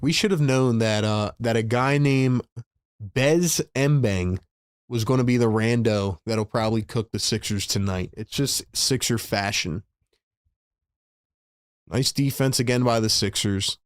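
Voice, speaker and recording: Male stream host, mid-pitched voice, dry close mic, casual fan play-by-play, quick to get worked up. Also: no room sound. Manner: excitable, frustrated fan talk with slang.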